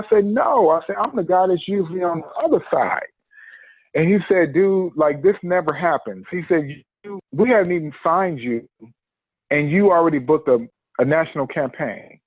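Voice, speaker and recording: A man's voice: high-pitched, a little fast, dry recording. A man telling a personal story in a podcast interview, acting out the quotes and laughing often. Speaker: podcast guest. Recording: tinny phone-line sound, dry.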